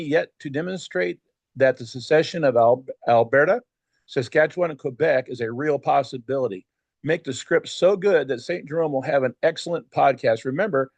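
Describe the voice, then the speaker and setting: A man's voice: a little high, dry recording. A man from the United States hosting a podcast alone, rambling and joking in a chatty way with many fillers. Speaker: podcast host. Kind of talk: casual monologue podcast.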